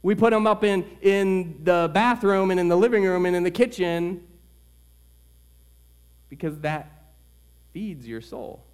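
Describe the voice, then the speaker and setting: Male pastor, slightly high voice, earnest sermon delivery with big dynamic swings. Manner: earnest preaching with swings between loud emphasis and quiet; tells a joke story in the middle.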